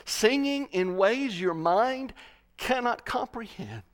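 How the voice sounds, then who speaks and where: Slow, dramatic male preacher. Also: high-pitched, lively intonation. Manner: slow, dramatic preaching with swells and hushed drops. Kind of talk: sermon.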